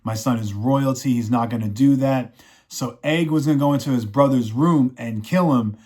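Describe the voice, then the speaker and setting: A man's voice: mid-range voice, a little mellow. A man giving a casual, rambling recap and review of a TV series, leaning on filler phrases and ending with an effusive, upbeat sign-off. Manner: rambling, leans on "you know" and "he's like". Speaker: TV show reviewer.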